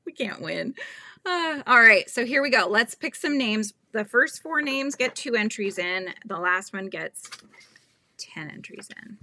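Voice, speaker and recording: Bright chatty woman hosting a live stream. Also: on the high side, lively intonation, a little slow, dry recording. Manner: chatty and scatterbrained, laughs often. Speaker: livestream host. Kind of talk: casual live-stream chat.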